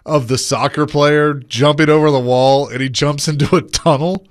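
Easygoing radio co-host. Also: male voice, a little high, fairly even intonation, moderate pace, no echo. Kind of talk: casual sports radio chat.

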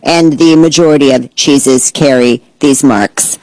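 A woman reading out a dry explanation in a put-on flat robot voice. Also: very deep voice, no echo, pitched below the performer's own voice, low-quality recording. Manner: monotone, deliberate.

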